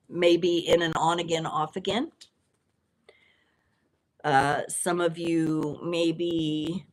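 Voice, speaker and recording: A woman's voice: on the low side, a little hiss or hum. A woman hosting a live tarot stream, chatting playfully with lots of fillers and easy laughs. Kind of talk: casual live tarot reading.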